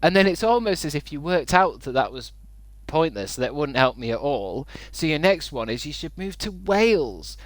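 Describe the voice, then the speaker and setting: A man's voice: on the high side, big pitch swings, normal speed, few pauses, no echo. A young man chatting casually on a gaming livestream, sweary and incredulous. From Britain. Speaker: streamer.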